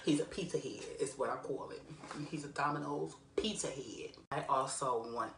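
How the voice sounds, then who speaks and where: A woman's voice: a bass voice, normal speed, creaky, slight background noise. A young woman chatting casually in a rambling, self-mocking way in a vlog at home. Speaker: vlogger. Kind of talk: casual mukbang vlog chat. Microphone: camera set up across the room. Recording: roomy echo, distant camera mic.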